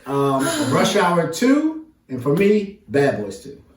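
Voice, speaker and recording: A man co-hosting a casual movie review chat, talking in a playful way with long drawn-out fillers. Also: fairly high pitch, wildly swooping pitch, far from the mic. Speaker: podcast co-host. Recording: roomy, mic set back.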